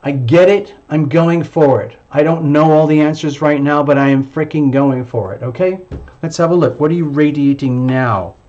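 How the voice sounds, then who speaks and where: A man's voice: a little high, normal speed, a little mellow, muffled recording. Emphatic man giving a tarot reading. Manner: emphatic and repetitive, voicing the listener's thoughts. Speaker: tarot reader.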